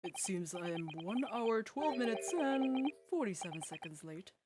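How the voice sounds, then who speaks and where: A woman reading a stern elderly British male chief justice in a put-on British accent, slow and formal, over game music. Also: on the high side, lively intonation, noisy background, natural voice. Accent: attempted British.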